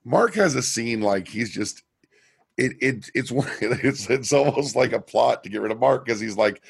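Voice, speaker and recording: A man co-hosting a podcast, casually recapping a TV episode and retelling scenes in an animated way. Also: mid-range voice, moderate pace, creaky, husky, dry recording, studio quality. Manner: animated retelling with quoted lines and laughs. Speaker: podcast co-host.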